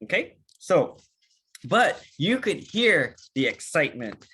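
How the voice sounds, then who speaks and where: A man giving an energetic, animated training talk on a video call, acting out short dialogues with big jumps in pitch. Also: slow, husky. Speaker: network marketing trainer.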